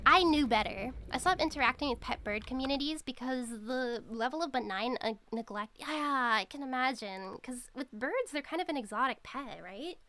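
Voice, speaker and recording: A woman's voice: high voice, lively intonation, normal speed, few pauses, bright, forceful tone. A woman streamer chatting casually while she plays, blunt and profane, rambling with lots of fillers. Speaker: VTuber streamer.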